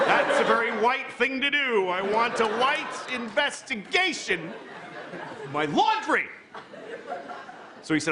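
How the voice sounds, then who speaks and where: A man in his fifties doing stand-up comedy, telling stories in an exasperated, animated way. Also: extremely high pitch, measured pace, noisy background. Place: stage before a live audience. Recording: live show with loud crowd laughter.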